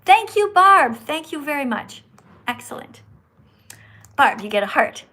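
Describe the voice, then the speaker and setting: A woman's voice: high-pitched, big pitch swings, unhurried, pushed and bright. A woman hosting a live stream with callers, talking like a schoolteacher who instructs and scolds. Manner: says her own voice is annoying. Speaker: livestream host.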